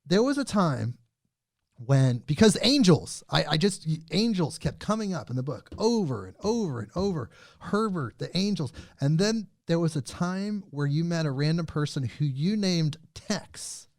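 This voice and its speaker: A man hosting a podcast, chatting with his guest in an effusive, gushing manner. His voice sits high for a man. The sound is dry and close, with no room echo. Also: big pitch swings, normal speed. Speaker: podcast host. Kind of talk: casual interview chat.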